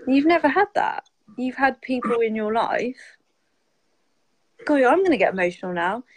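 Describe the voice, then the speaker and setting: Woman, live-stream guest, gushing and emotional, high voice, dry sound. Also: very animated, moderate pace, dry recording, low-quality recording. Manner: emotional, gushing, many "like" fillers. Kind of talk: casual heartfelt chat.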